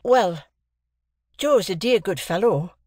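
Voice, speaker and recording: A man's voice: sits high, lively intonation, takes it slowly, dry recording, studio quality, pitched above the performer's own voice. A man voicing an earnest young man newly come into fortune, speaking eagerly with a slightly lofty air.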